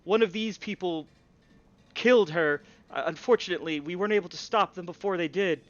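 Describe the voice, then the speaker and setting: A man's voice: high-pitched, a little fast, no echo, dull audio, voice pushed up, natural voice. A man voicing an apologetic, formal male dwarf guard in a tabletop game. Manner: stiff, official, apologetic.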